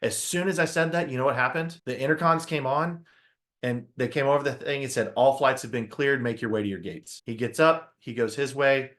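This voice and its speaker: A man giving a motivational talk to an audience, telling a story with lively acted-out quotes and questions to the crowd. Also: medium pitch, fairly quick. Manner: animated storyteller, acts out his own quotes, asks the audience questions. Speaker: motivational speaker.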